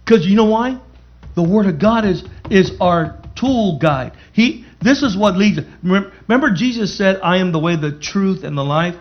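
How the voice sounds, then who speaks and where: High-voiced man preaching emphatically. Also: animated, moderate pace, muffled recording. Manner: emphatic preaching with repetition and calls to the congregation. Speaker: pastor. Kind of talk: sermon.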